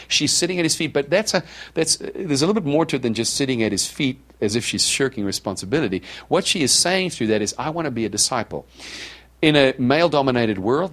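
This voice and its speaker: A middle-aged man preaching a sermon in a conversational way, asking the congregation questions and acting out quoted speakers in a softer, lower voice. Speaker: pastor.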